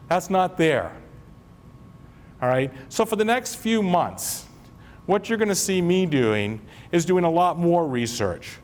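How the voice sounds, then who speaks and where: A man's voice: a little high, big pitch swings, takes it slowly. A man who is a school superintendent giving an informal, joking talk to school staff at a convocation. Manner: informal, joking, repeats phrases.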